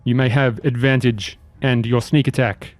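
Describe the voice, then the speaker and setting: A man running a tabletop game as dungeon master, giving calm, matter-of-fact rulings and narration. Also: mid-range voice, normal speed, dry recording.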